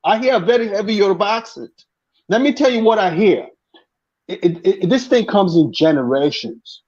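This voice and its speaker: A man's voice: high voice, expressive, normal speed, darkish tone, dull audio. A man joining a casual panel chat over a video call, explaining things at length with many restarts and fillers. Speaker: panel guest.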